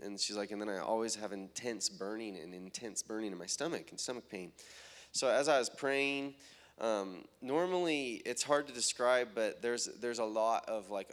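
A man with a fairly low voice tells stories from prayer meetings. He talks loosely, in an unscripted way. When he quotes people, his voice climbs and grows excited. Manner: animated retelling, quoting others in raised voice. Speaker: traveling minister. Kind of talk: testimony storytelling.

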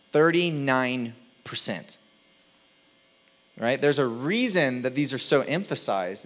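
A man preaching a sermon, conversational and animated, sometimes slipping into playful impressions. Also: medium pitch. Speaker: pastor.

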